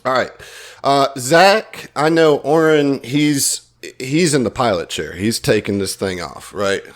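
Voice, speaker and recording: A man's voice: medium pitch, animated, measured pace. A man running a tabletop game as game master, hyped and casually swearing.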